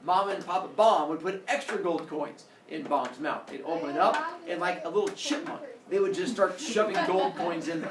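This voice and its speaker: A male teacher telling a story to his class in an animated way, acting out characters with sound effects. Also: a little high, moderate pace, hardly any pauses, noisy background. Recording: echoey classroom from far off.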